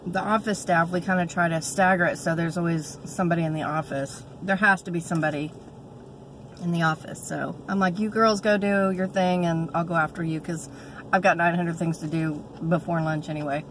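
A woman's voice: on the low side, fairly even intonation, fairly quick, slight background noise, poor audio. Chatty woman vlogging. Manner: chatty and warm-hearted, fillers and restarts. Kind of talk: casual chat vlog.

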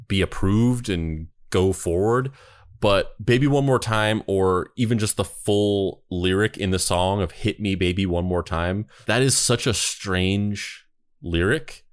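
Male podcast co-host, lower pitch, dry sound, casual rambler. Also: dry recording. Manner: rambling, full of fillers and restarts. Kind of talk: casual chat.

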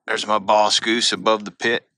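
A man vlogging outdoors on a hunting trip, chatting casually and coaxing his dog along in a fond, high, sing-song voice. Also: little pitch movement, moderate pace, bright, forceful tone. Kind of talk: casual outdoor vlog narration. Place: outdoors by a river in the wind.

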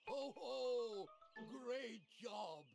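An actor playing a gentle elderly grandpa pig in a children's game, talking slowly and kindly. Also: male voice, very high-pitched, animated, music in the background, heavily acted. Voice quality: slow, gravelly. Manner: kindly and instructive.

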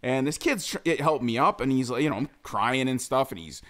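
A man's voice: medium pitch, animated, fairly quick, fairly bright tone. A man in his forties, a podcast host, telling a story in casual chat, laughing often and swearing freely.

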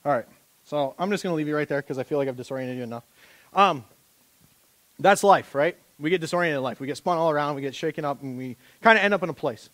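A man preaching a sermon as pastor, animated and conversational, joking with a volunteer on a church stage. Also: fairly high pitch, fast. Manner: animated, rising to loud impassioned preaching.

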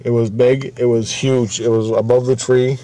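A man's voice: medium pitch, little pitch movement, moderate pace, dark tone, natural voice, poor audio. A man retelling his shaken woman friend's words in a slightly raised voice, repeating herself. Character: shaken young woman friend recounting a close call.

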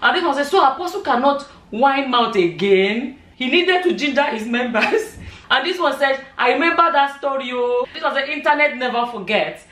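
A woman's voice: high voice, lively intonation, normal speed, fairly bright tone, recorded from a distance. Amused woman vlogger, roomy echo. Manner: laughs often while reading, chatty and amused. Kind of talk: casual chat, reading social media comments aloud.

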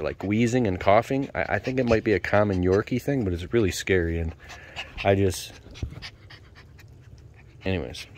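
A man at home filming his dogs, chatting casually and switching between hushed whispers and excited shouts. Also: lowish voice, slight background noise. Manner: talks to his dogs in baby talk. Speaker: dog owner filming his pets. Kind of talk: casual chat. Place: home basement.

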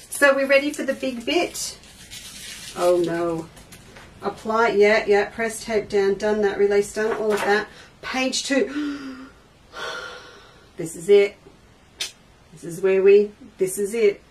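A woman's voice: medium pitch, slow pace, far from the mic, poor audio. A woman hosts a live crafting lesson from her studio, chatting with viewers and reading their comments aloud as she works. She speaks unhurriedly and sits a little back from the mic. A faint background noise runs under her voice. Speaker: quilting shop host.

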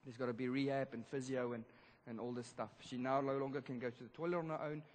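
A male pastor telling a story in a sermon, animated, swinging between loud emphasis and hushed moments. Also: mid-range voice, fast. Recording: long church hall reverb.

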